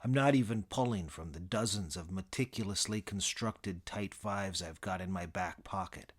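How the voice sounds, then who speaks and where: A man narrating a comic first-person story in a dry, deadpan, boastful manner. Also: low voice, normal speed.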